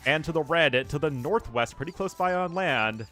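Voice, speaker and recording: A man's voice: fairly high pitch, animated, normal speed, bright, forceful tone, faint music behind. A man with a General American accent casting a live strategy game, chatty and casual and laughing often. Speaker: caster. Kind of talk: live game commentary reading chat.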